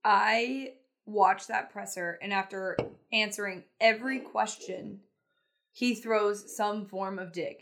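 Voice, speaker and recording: A woman co-hosting a sports podcast, giving quick, chatty takes on college football. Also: medium pitch, fairly even intonation, fairly bright tone. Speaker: podcast co-host. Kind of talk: casual sports talk.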